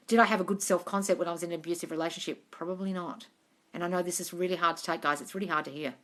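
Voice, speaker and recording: Hosting a casual live-stream Q&A, an Australian-accented manifestation coach reads out viewer comments, speaking bluntly, swearing freely and calling viewers darling. Her voice is fairly low, a bit bright and steady in tone, delivered rapid-fire into a phone on the stream.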